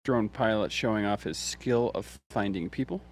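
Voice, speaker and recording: A man's voice: lowish voice, normal speed. A man commentating live on a mountain ultramarathon livestream, easygoing with a dry sense of humor.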